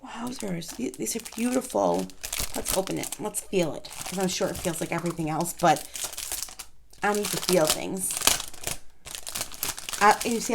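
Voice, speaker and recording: A woman chatting casually in an unboxing vlog, gushing with excitement, gasping and exclaiming softly as she shows off planner supplies at her desk. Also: mid-range voice, creaky, slight background noise. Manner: gushing, excitable, frequent gasps and soft exclamations.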